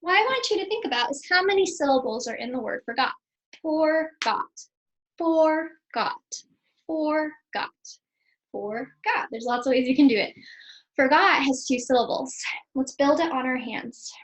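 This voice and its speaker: A woman's voice: high-pitched, expressive, a little fast, poor audio. A woman teaching a spelling lesson to second graders, patiently sounding out letters and syllables one at a time. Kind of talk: spelling lesson for young children.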